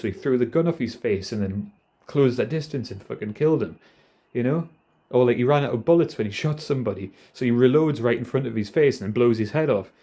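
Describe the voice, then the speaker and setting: Profane, rambling man with a mellow voice. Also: medium pitch. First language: not American. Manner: profane, rambling, laughs often. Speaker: vlogger. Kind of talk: casual rambling rant. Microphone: phone held in hand.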